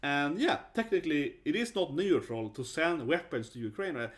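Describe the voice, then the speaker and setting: A man from Sweden giving a casual opinion monologue on his channel, animated and full of "right?" tags and mocking quoted voices. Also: fairly high pitch, normal speed. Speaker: vlogger.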